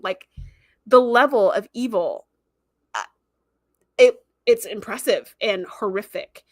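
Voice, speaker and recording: A young adult woman hosts a casual livestream and eagerly retells a story, filling her talk with ums and likes. Her voice sits a little high. The sound is dry and close, with no room echo. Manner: animated storytelling with many fillers. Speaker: livestream host reviewing episodes.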